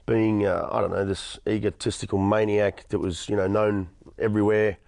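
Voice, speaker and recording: A man's voice: fairly low pitch, fairly even intonation, moderate pace, gravelly, a little mellow, no echo, clean studio sound. An Australian man in his thirties giving an earnest personal testimony in an interview, often stammering and restarting. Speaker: interview guest.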